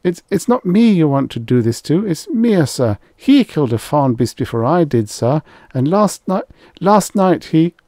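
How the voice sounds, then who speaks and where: A man's voice: on the low side, lively intonation, normal speed, warm tone, no room sound, studio quality, pitched above the performer's own voice. A man voicing a frightened male hunter who stammers and pleads. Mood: panicked.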